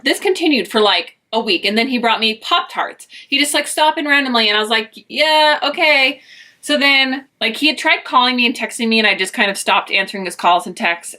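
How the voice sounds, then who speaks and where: A woman's voice: on the high side, pushed and bright. A woman from Utah telling a personal story in a chatty vlog, acting out the dialogue as she goes. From Utah, United States. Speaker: vlogger.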